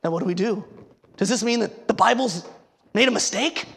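A preacher delivers a sermon with a husky, slightly raspy voice. The delivery is emphatic, full of rhetorical questions and quick repeated words. The tone has a gravelly edge throughout. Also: mid-range voice, a bit bright.

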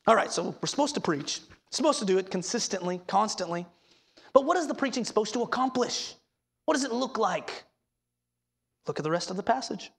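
A woman pastor preaching a sermon in an earnest, emphatic way, dropping low and soft on key words and asking the congregation questions. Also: lively intonation, brisk, vocal fry, breathy edge. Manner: asks the congregation rhetorical questions.

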